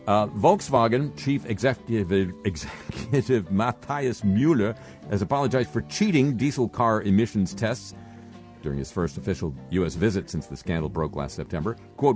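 An older man with a very low voice hosts a radio show, reading news items with a dry, sardonic edge. He halts often with fillers and restarts. Faint music sits behind him. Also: a little fast, a little mellow. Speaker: radio host. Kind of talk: satirical radio commentary.

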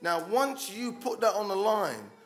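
A man preaching a sermon, passionate and urging, who often restarts his words and swells to loud calls to his congregation. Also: high-pitched, sing-song, unhurried. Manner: passionate, rising to loud exhortation with frequent restarts.

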